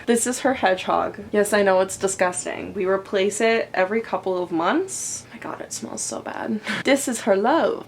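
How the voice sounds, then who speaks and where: A woman's voice: normal speed, few pauses, slight background noise. A young woman book vlogger chatting casually at home, swearing freely and gushing about her reading. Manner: chatty, swears casually, talks to her dog in a high baby voice. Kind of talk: casual reading vlog chat.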